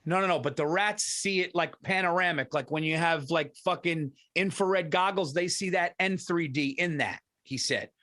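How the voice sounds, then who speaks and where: A man's voice: fairly high pitch, normal speed, hardly any pauses, bright, forceful tone. A man telling a rambling, profane story as a podcast co-host in casual chat.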